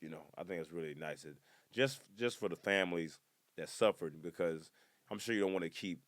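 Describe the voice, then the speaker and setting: Deep-voiced joking podcast man. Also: brisk, no echo. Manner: jumps between topics with joking asides; bursts into loud excited outbursts. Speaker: comedian podcast host. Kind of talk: casual rambling monologue.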